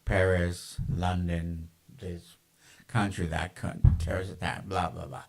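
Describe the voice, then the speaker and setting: A man's voice: low-pitched, little pitch movement, a little slow, gravelly, husky, poor audio. A man ranting in a casual, rambling monologue, with lots of profanity, fillers and tangents.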